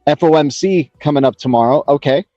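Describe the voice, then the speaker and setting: A man's voice: a little high, fairly quick, mellow, no room sound. A man hosting a casual crypto livestream, rambling upbeat and greeting viewers by name, on an external mic plugged into a phone. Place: home setup in Los Angeles. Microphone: external mic on a phone stream. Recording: dull lo-fi phone stream with music.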